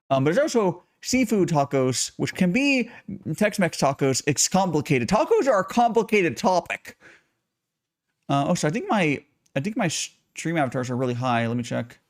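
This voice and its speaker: A man chatting casually on a livestream while brewing tea, rambling, greeting viewers and swearing offhandedly. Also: a little high. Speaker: streamer brewing tea live.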